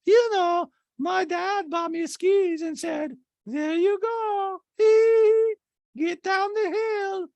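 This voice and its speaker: A man's voice: steady tone, a little mellow, no room sound, lo-fi sound, full character voice. A man doing a whiny, helpless rich lady. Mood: haughty. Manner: slow, whiny, high and drawn out. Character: helpless, childlike wealthy woman, breathy and whiny.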